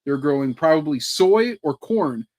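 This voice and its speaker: Male podcast co-host, slightly high voice, sarcastic deadpan humor, casual chat. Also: moderate pace. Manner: sarcastic, deadpan hot takes with frequent laughs.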